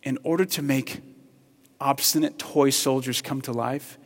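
Passionate preacher in a reverberant hall. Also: male voice, medium pitch, steady tone, a little slow. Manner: passionate, swings from hushed to loud. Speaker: pastor. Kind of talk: sermon.

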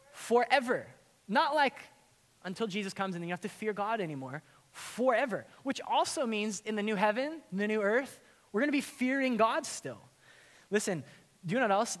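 A man preaching a sermon as a pastor, casual and animated, with many fillers and restarts. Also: high voice, long reverb tail.

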